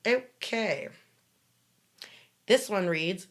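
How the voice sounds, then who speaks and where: A woman's voice: lowish voice, expressive, moderate pace, fairly bright tone. A woman hosting a casual podcast, reading excerpts aloud with wry, sarcastic asides. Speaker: podcast host.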